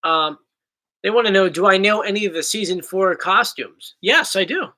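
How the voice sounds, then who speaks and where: A man's voice: high voice, moderate pace. A young man from South Jersey with a South Jersey accent, hosting a casual Q&A chat in a joking, rambling way. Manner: joking, rambling, animated explainer. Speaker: channel host.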